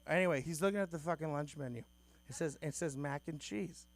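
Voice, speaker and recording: A man's voice: fairly high pitch, a little fast. A man doing a crude, self-deprecating stand-up bit at an open mic in a small comedy club, swearing freely.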